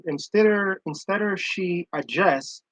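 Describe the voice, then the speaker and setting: A man's voice: sits high, a little slow, a bit bright, no room sound, low-quality recording. A man giving casual, emphatic commentary on a live stream, reacting to audio he plays and repeating his points. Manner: emphatic, chatty, repeats himself.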